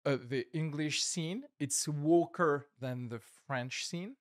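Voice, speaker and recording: A man's voice: on the high side, no echo, studio quality. Thoughtful man comedian talking shop. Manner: reflective, measured, with many fillers. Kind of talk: casual podcast chat.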